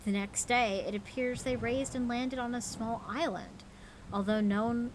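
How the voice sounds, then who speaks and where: A woman's voice: a little high, fairly even intonation, a little slow, noisy background, lightly acted. A woman doing a formal news reporter. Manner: formal newsreader delivery. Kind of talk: dramatic reading of a newspaper clipping.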